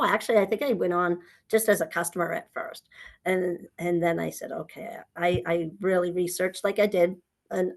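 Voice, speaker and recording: Middle-aged New woman, guest, slightly low voice, animated storyteller. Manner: animated storytelling, acting out conversations. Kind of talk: personal story in an interview.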